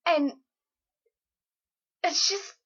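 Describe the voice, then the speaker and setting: A young woman telling a story from her morning in a casual, animated way, often breaking into laughter. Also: very slow, lo-fi sound. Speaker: vlogger.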